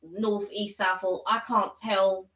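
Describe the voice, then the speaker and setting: Woman, live-stream co-host, hesitant with fillers, bright voice, roomy echo. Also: mid-range voice, little pitch movement, slow. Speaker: livestream co-host. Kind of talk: casual live-stream chat.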